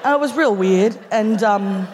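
A woman's voice: medium pitch, measured pace. A woman comedian with an Australian accent, telling a story with a laugh in her voice to a live audience. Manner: laughing, loose and chatty. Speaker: stand-up comedian. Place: theatre stage before an audience. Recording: reverberant live theatre recording, faint noise.

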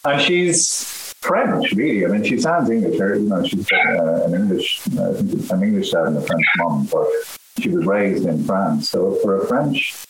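A middle-aged Irish man, an actor being interviewed, talking in a halting way with many restarts. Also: low-pitched, animated. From Ireland. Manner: halting, full of restarts and fillers. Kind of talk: casual interview chat. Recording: roomy echo with faint hiss.

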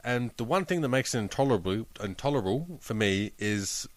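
A man's voice: medium pitch, lively intonation, brisk, no echo. A man with an Australian accent, chatting casually as a podcast co-host, swearing freely and laughing at his own jokes. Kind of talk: casual chat.

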